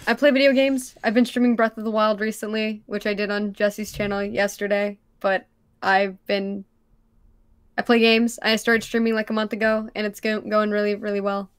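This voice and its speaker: A woman's voice: medium pitch, flat delivery, moderate pace, clean tone. A woman guest on a livestream, chatting in a giggly, playful, self-mocking way. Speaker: guest streamer. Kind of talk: casual livestream chat.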